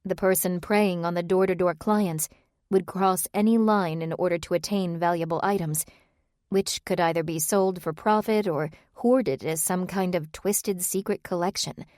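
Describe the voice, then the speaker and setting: The narrator, fairly low in pitch, reads the novel in a steady, measured way. It's a dry recording of studio quality.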